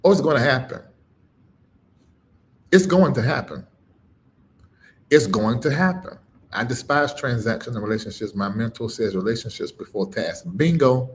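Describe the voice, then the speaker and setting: A man's voice: moderate pace, long pauses. Emphatic preaching man. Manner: emphatic, swings between loud punches and low murmurs; repeats phrases with a rising preacher cadence. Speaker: preacher and livestream host. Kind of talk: preaching on a live stream.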